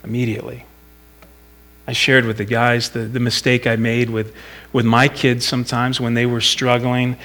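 A man's voice: mid-range voice, completely flat delivery, moderate pace, fairly bright tone. A middle-aged man giving an informal Bible devotional in a conversational, reflective way, thinking aloud as he talks.

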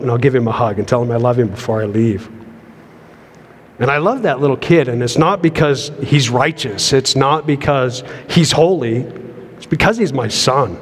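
A middle-aged man delivers a sermon from the pulpit, earnest and conversational, doubling up words as he presses each idea forward. His voice sits in an ordinary male middle register. A long reverb trails behind him, as in a church sanctuary. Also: medium pitch. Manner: earnest, repeats words when building a point. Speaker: pastor.

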